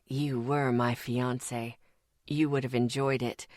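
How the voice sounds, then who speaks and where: Audiobook villain voice, a woman playing a sinister male demon, deep and low, slow taunting delivery, hissing threats, dry close sound. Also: dry recording.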